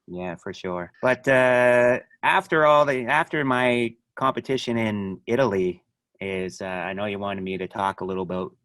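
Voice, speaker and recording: Guy, judo coach type, low voice, laughs a lot telling old stories, dry mic. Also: moderate pace, clear, resonant tone, no room sound. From Canada. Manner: animated storytelling, laughs often, trails off quietly. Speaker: podcast guest, judo club owner and coach. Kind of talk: casual podcast chat.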